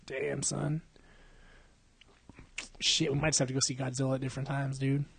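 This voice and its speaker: A man's voice: medium pitch, monotone, moderate pace, gravelly, husky. A young man hosting a podcast in casual chat, swearing and laughing often as he jokes around. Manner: crude, joking, laughs often, swears a lot. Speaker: podcast host.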